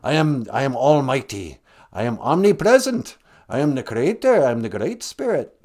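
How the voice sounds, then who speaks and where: A man's voice: medium pitch, very animated, moderate pace, a little mellow. A man doing the Great Spirit with a lilting brogue. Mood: jovial. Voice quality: lilting put-on brogue, calls her "me daughter". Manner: grandly solemn, folksy sermonizing. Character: Great Spirit, an all-knowing male deity, gently preachy. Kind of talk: improvised comic skit.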